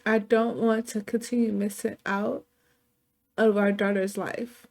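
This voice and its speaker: A woman voicing a calm middle-aged husband and father in a life-sim game story, soothing and reasoning with his wife. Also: mid-range voice, a little slow, gravelly. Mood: pleading.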